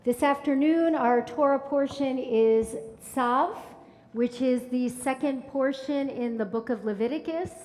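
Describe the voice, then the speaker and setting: A woman leading a synagogue service, telling a story in a measured sermon style. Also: high voice, a little mellow. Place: large synagogue sanctuary. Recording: reverberant sanctuary from afar.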